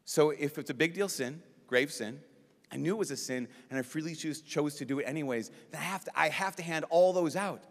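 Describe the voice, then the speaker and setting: A priest giving a lively, joking talk at a youth conference, acting out quick voices as he goes. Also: fairly high pitch, gravelly. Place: large conference hall. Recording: long reverb of a large hall.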